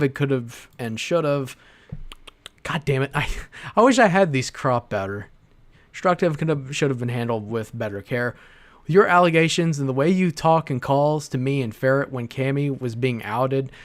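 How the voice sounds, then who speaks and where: A man on a livestream reading messages aloud in a casual, profane rant with sarcastic asides. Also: mid-range voice.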